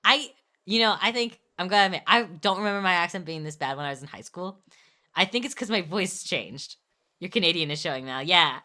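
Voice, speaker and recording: A young woman streams and chats while she draws. Her voice sits low, but it bounces through a wide, lively range and has a bright edge. She rambles, stops to correct herself, and laughs a lot. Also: brisk. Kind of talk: casual chat while drawing on stream.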